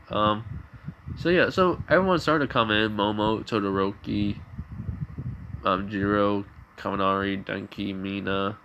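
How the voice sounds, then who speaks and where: Male storyteller making it up as he goes: halting, rambling, lower register. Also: fairly bright tone, slight background noise. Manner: rambling, halting, many restarts. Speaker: fan storyteller. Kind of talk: improvised fan story narration.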